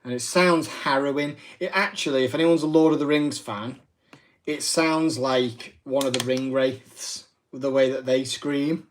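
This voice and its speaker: Man, 30s, mid pitch, livestream craft host, rambling and self-deprecating. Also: a little slow, slight background noise. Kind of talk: casual live craft demo.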